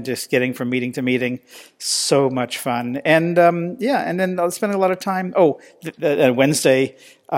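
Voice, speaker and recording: A middle-aged man hosting a podcast, talking in a chatty, rambling way with many fillers. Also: mid-range voice. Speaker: podcast host. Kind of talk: casual podcast chat.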